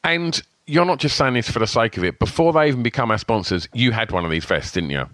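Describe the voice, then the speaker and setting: A man co-hosting a podcast, teasing his partner in animated banter and reading sponsor spots. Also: medium pitch, quick pace, no room sound. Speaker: podcast co-host. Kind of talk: casual podcast chat and sponsor reads.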